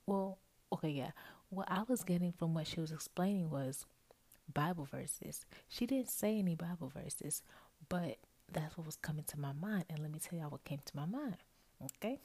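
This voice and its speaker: A woman's voice: deep voice, expressive, normal speed, darkish tone, dry recording. A young woman hosting a podcast, talking casually and mostly in a whisper into an earphone microphone, correcting herself as she goes. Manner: chatty, self-correcting, talks to listeners as y'all. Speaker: podcast host. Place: bedroom at night, roommate asleep nearby. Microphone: earphone microphone held close.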